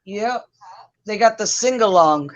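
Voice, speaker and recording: A woman's voice: mid-range voice, lively intonation, a little slow. A chatty woman hosting a group video call, laughing as she fumbles with her settings. Her voice sits in a middle range and comes through dull, lo-fi call audio. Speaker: stream host.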